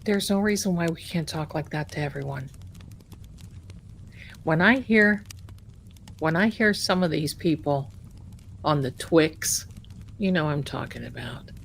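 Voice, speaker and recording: Slow-talking chatty American woman livestreamer. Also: sits low, animated, gravelly, slight background noise. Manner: slow, chatty, repeats herself, drops to a whisper. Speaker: livestream host. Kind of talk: casual livestream chat.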